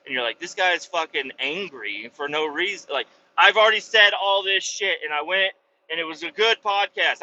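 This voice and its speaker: Profane ranting man, bright voice. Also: fairly high pitch, lo-fi sound, slight background noise. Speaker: podcast host, truck driver. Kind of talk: casual solo podcast rant.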